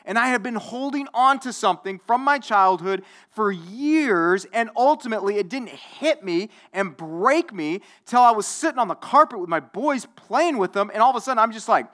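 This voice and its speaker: A man's voice: high voice, expressive, moderate pace, hardly any pauses, a bit bright. A man in his forties, a pastor giving a conversational sermon, often repeating himself and checking in with his listeners. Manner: conversational, repetitive, asks the audience.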